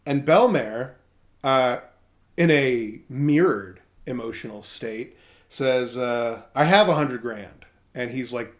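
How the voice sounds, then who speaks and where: A man's voice: medium pitch, slow. A man co-hosting a casual podcast, animatedly retelling a story and slipping into quoted voices as he goes. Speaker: podcast co-host recapping a manga. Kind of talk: casual chat.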